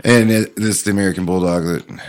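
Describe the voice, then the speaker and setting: A man with a very deep voice co-hosts a casual drinking show. He tells rambling stories in easygoing banter. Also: fairly even intonation, quick pace. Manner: rambling anecdotes, laughs often. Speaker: podcast co-host.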